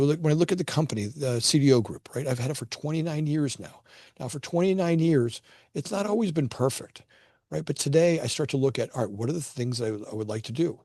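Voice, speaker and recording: A man's voice: medium pitch, no room sound. A middle-aged man from Florida spins a personal story in loose, conversational fashion. He restarts phrases and repeats words as he goes, rising and falling with feeling. The sound is dry and close. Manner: animated, repeats words often when starting sentences. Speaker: guest, construction company founder.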